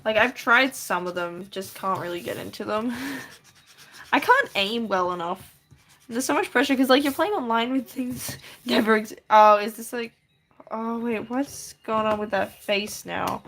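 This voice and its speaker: A woman's voice: a little high, measured pace, fairly bright tone. Chatty woman rambling on a livestream. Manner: rambling, chatty, lots of fillers and laughs. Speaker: streamer. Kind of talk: casual livestream chat while drawing.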